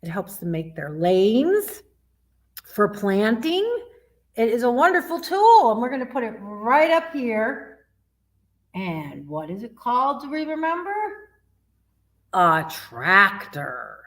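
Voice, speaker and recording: Lively, slow-talking woman librarian. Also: on the high side. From Michigan. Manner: sing-song, asks young listeners questions, imitates animal sounds. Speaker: youth librarian. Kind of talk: children's story time presentation.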